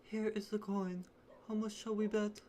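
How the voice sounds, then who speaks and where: A woman voicing a theatrical older male card sharp in a put-on mock French accent, grand and courtly. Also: mid-range voice, flat delivery, moderate pace, a little hiss or hum, voice pushed up, close to an everyday voice. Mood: suave. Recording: clear game music behind.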